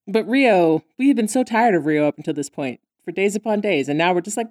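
A woman co-hosting a podcast, chatting casually about a cartoon episode, laughing often and acting out characters' lines in high squeals. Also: lively intonation, fairly quick, hardly any pauses, a little mellow, dry recording, studio quality. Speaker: podcast co-host.

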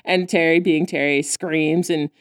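A woman's voice: low voice, steady tone, unhurried, clear, resonant tone, dry recording, studio quality. A woman co-hosting a casual podcast, recapping a cartoon and acting out the characters' lines in voices. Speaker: podcast co-host.

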